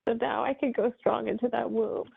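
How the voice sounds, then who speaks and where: A woman's voice: on the high side, fairly even intonation, brisk, gravelly, breathy edge. A woman speaking as a hypnosis client in trance, emotional and full of wonder. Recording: tinny phone-like call line.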